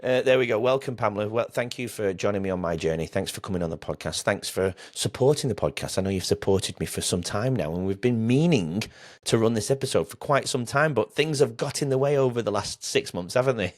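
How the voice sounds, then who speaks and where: A man's voice: on the low side, animated, brisk. A man hosting a podcast interview, chatty and rambling with frequent restarts. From England. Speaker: podcast host.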